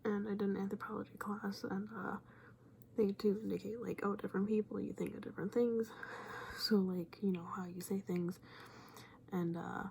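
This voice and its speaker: Young woman reacting to a video, husky-edged fry and soft tone, talks in loose half-whispers. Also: medium pitch, little pitch movement, normal speed, a little hiss or hum. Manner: rambling, often drops to a whisper. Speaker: viewer commenting on a video. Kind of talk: casual reaction commentary.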